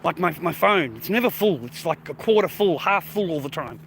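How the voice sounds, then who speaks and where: Australian man, loose walk-and-talk streamer, high bright voice, faint street noise. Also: expressive, a little fast, vocal fry. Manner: chatty, rambling, peppers speech with "mate" and "bro", swears. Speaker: live streamer. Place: outdoors, walking along streets. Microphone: phone held while walking.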